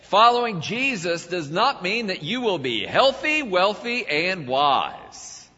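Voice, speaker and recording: A male pastor, preaching a sermon in a dramatic way, swelling to loud cries and then dropping low. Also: very animated, takes it slowly, breathy edge. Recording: dull lo-fi sound with long hall reverb.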